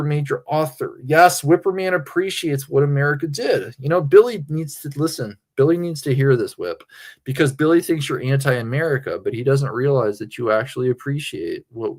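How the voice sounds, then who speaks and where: A man's voice: medium pitch, moderate pace, a little mellow. A man from Pennsylvania, tipsy from drinking, rambling crudely and off the cuff to his livestream chat. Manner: meandering, crude, self-interrupting.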